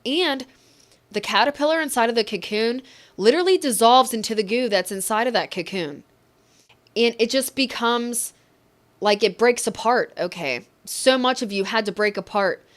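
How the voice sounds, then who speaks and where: A woman giving an emotional, reassuring tarot reading, speaking gently and getting choked up at times. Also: mid-range voice. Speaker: tarot reader.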